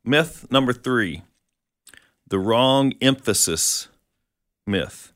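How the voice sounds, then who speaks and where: A man's voice: medium pitch, lively intonation, drawn-out words, fairly bright tone, no echo, studio quality. A man co-hosting a conversational Bible teaching, explaining verses and asking questions. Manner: explanatory, quotes scripture, asks questions.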